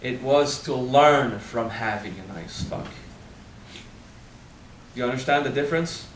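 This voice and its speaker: A French-accented man in his thirties leads a spiritual seminar, talking frankly and with animation, dropping the odd swear word. His voice sits at a middle pitch and carries the echo of a roomy space, heard from a little way off the mic with a faint hum of ambience. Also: far from the mic. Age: 30s. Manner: frank and animated, swears casually, stresses words slowly. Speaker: spiritual teacher. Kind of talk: seminar talk.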